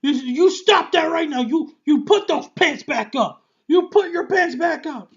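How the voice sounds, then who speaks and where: A man doing a shrill, panicky nervous husband. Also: animated, a little slow, highs cut off, full character voice. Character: nervous, frantic middle-aged husband.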